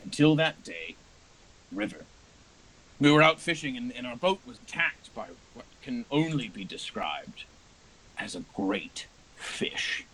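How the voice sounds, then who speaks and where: Old man figure, dying, grave storyteller, man doing the voice, lively pitch, bright tone. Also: a little slow, breathy edge, exaggerated voice, low-quality recording. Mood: solemn. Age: older.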